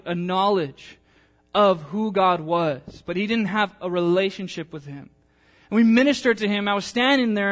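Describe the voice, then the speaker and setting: A man's voice: high voice, fairly bright tone. A male pastor preaching a sermon, telling a personal story in a chatty, emotional way with many fillers, then reading scripture aloud.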